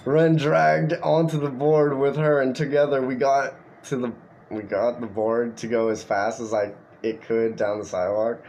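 A man reading an internet story aloud for a podcast, at a mid-range pitch. He swears freely and breaks off to comment. A faint hiss sits under the voice. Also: normal speed. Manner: profane, animated storytelling with asides. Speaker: podcast host.

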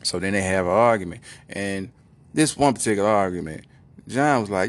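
A man telling a comic story in a slangy, animated way, acting out the characters. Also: fairly low pitch, brisk.

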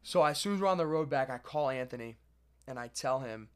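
A young man casually telling a long story to a friend, animated and swearing as he goes. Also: medium pitch, a little fast, clear, resonant tone. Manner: animated, swearing, lively retelling.

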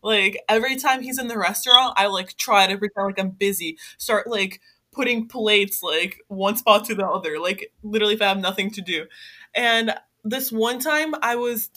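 A woman's voice: medium pitch, normal speed. A young woman telling a story in casual podcast chat, with "like" dropped between nearly every phrase. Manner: animated, fillers of "like" throughout. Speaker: podcast guest.

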